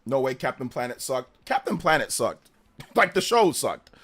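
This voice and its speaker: Lively young man streaming casually. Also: medium pitch, moderate pace, breathy edge, faint music behind. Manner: energetic, slangy, hums theme tunes, laughs often. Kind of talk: casual live reaction stream chat.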